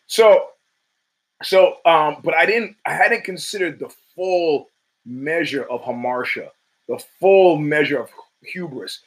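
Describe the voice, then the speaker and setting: A man hosts his own podcast, delivering a casual, profane, rambling monologue with emphatic bursts and frequent restarts. His voice is fairly high-pitched and slow, and the recording quality is low.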